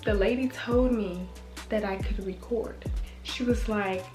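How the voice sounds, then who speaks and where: A woman's voice: medium pitch, unhurried, soft background music. Chatty young woman vlogger, echoey. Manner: chatty, talks straight to the camera with filler words. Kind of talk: casual vlog chat to viewers.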